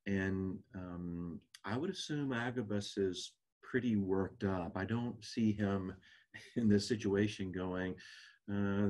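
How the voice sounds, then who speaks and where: Deep, husky-voiced man teaching Bible class. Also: a little mellow. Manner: earnest, reflective. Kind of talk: recorded Bible class lesson.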